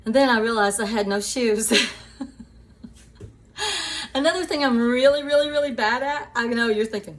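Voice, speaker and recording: A woman hosting her own show, telling a personal story to her viewers in a chatty, animated way, often laughing and calling them sweeties. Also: on the high side, normal speed, pauses often. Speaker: show host.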